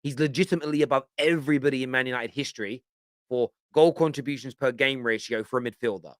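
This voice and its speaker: A man's voice: mid-range voice, quick pace, no echo, studio quality. A man giving a passionate, emphatic fan reaction on a live football stream. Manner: passionate, emphatic, repeats himself. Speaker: fan channel pundit.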